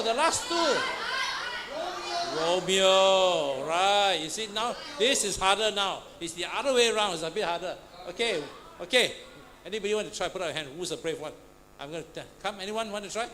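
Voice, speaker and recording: A man leads a classroom lesson, quizzing students out loud and tossing in "huh?" and "all right" between questions. The recording is noisy, with a clear hiss of room noise behind him. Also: high voice. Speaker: Pathfinder class instructor. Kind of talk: interactive classroom teaching. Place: church classroom.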